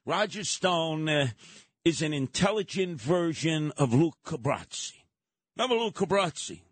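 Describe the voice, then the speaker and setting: A male talk radio host rants through his monologue, his pitch swinging widely as he slips into mocking impressions. His voice is slightly husky, and the mic sounds dry and close. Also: a little slow, dry recording. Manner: animated, jumping into mocking impressions.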